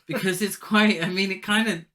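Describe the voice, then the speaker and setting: A man's voice: high voice, fairly even intonation, moderate pace, pushed and bright. A man co-hosting a podcast, chatting casually about a film and teasing his co-host.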